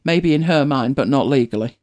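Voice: medium pitch, a little fast, a little mellow. A host with a British accent, chatting casually and rambling with many restarts. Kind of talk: casual chat.

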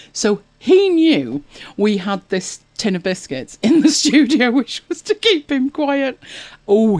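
With a medium-pitched, slightly mellow voice and no room sound around her, a woman hosts a relaxed chat-show podcast. She shares anecdotes, reads out viewer comments, and breaks into laughter again and again.

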